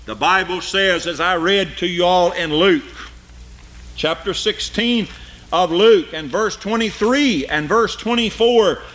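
An older man delivers a sermon in a bright, forceful voice. He swings from loud, high cries down to low, quiet asides, and his voice sits a little higher than most men's. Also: unhurried. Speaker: preacher.

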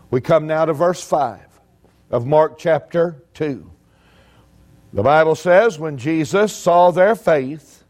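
A man's voice: on the high side, a little mellow. A man preaching a sermon, telling folksy stories with humor.

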